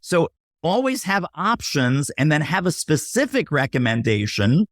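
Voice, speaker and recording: A man talks sales on a podcast with a lively, swooping delivery. He acts out little scenes of buyers and waiters and keeps checking in with "right?" The sound is close and dry. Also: a little high, unhurried, no room sound. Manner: punchy teaching tone, often tags lines with "right?". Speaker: podcast guest, sales expert. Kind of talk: casual interview talk.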